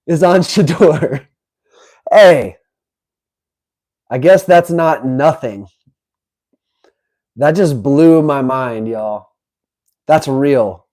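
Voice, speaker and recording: Slow, mellow-voiced male streamer. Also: on the high side, poor audio. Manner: incredulous, animated, reads aloud with asides. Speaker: livestream host. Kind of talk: live-stream reaction chat.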